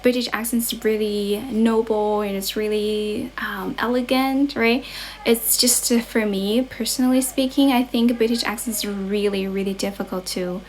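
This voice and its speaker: A woman's voice: mid-range voice, fairly even intonation, moderate pace, darkish tone. Chatty Chinese woman teaching English. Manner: mixes English with Mandarin, chatty, self-correcting. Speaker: English tutor livestreamer. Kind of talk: casual livestream chat, reading viewer comments.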